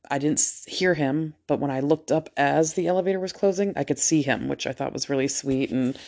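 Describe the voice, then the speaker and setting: A woman's voice: low-pitched, mellow. A nurse of about forty tells her story in a chatty, unfiltered way, swearing freely as she goes. She has just come out of anesthesia after a procedure, and her delivery stays loose and conversational. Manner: candid, profane, chatty. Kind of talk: casual storytelling to camera.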